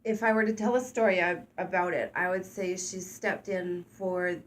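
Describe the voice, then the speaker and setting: A woman co-hosting a casual talk show, candid and animated, speaking openly and getting louder when she is excited. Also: lowish voice, normal speed, slight background noise. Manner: candid, animated, self-deprecating, gets loud when excited. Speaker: co-host. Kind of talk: casual conversational podcast chat.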